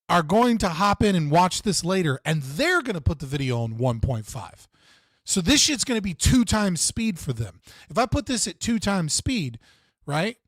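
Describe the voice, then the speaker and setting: A man's voice: on the high side, no room sound. A man hosting a live stream who rambles and argues with his chat in a casual, profane way, full of fillers and self-corrections.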